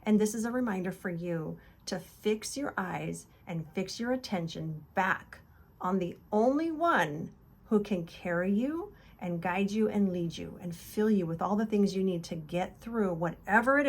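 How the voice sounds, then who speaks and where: A woman hosting a casual devotional talk, earnest and encouraging, retelling scripture in loose conversational words. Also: fairly low pitch. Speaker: devotional video host.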